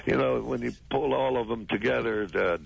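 Very gravelly older man. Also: mid-range voice. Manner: gravelly, halting, repeats words. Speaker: phone-in guest. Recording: dull lo-fi phone-in audio.

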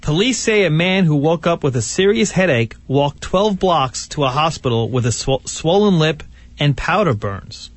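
A man's voice: on the high side, expressive, moderate pace, dry recording. A man with a Brooklyn accent, a show producer reading a news story in a matter-of-fact way.

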